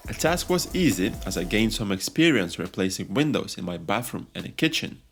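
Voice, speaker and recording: A man's voice: fairly low pitch, big pitch swings, a little fast, creaky. A man narrating a voice-over on his farmhouse renovation, explaining each step plainly with slightly non-native phrasing. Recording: faint music behind.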